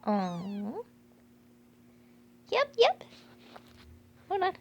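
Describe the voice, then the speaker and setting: A woman filming her cats at home, talking to them in soft whispers and baby talk, with frequent laughs. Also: sits high, wildly swooping pitch, very slow, gravelly, muffled recording, slight background noise. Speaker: cat owner filming her pets. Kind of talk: casual baby talk to pets. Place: home, indoors.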